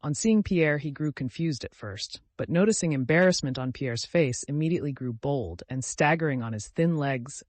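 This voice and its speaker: A man narrating a classic novel as an audiobook, steady and measured. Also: on the high side, no room sound. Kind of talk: scripted narration.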